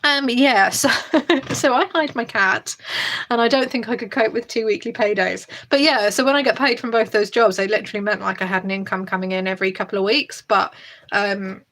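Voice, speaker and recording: A woman's voice: mid-range voice, fairly quick, a bit bright. A young woman hosting a budgeting channel, chatting casually to camera in a rambling way with many fillers and restarts.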